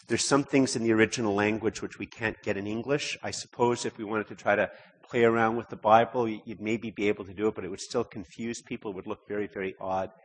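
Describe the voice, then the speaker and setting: A man's voice: on the low side, slightly rough. A man preaching a sermon in a conversational way, often repeating words and rising to emphatic stretches. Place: church. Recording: long hall reverb.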